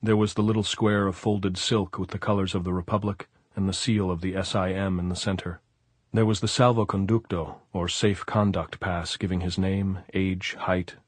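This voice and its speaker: A man reading an audiobook in a steady, measured voice. His pitch is low and his tone husky. The sound is dry and close. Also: no room sound. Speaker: audiobook narrator. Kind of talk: audiobook narration.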